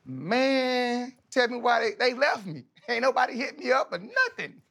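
A man in his thirties, a podcast guest, telling stories in a casual, animated, slangy way, often laughing. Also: extremely high pitch, normal speed, gravelly. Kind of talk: casual storytelling.

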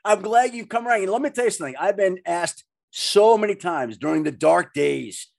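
A man hosting a sports podcast, talking in an animated, emphatic and excitable way. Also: high-pitched, normal speed, vocal fry. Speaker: podcast host. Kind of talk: casual sports chat.

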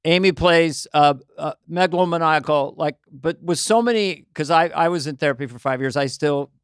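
A man's voice: on the high side, normal speed, clear, resonant tone, no room sound, clean studio sound. A middle-aged man hosting a podcast, chatting casually in a rambling, self-deprecating, jokey way. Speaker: podcast host. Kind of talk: casual chat.

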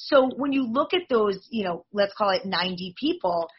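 A woman in her forties speaks as a podcast guest, selling her league with upbeat, promotional energy. Her voice is husky and mid-pitched. The audio sounds slightly dull, as over a remote link. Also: lively intonation. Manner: upbeat, promotional, fast-flowing. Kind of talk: podcast interview answers.

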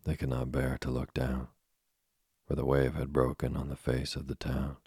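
A man narrating a storybook in a steady, measured reading. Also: rumbling low, slightly rough, dry recording, studio quality. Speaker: audiobook narrator.

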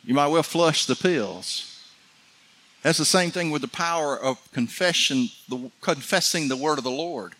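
A middle-aged man preaching a fervent sermon, building to excited peaks. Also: fairly high pitch, measured pace. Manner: fervent, rising to shouts of excitement. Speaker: pastor.

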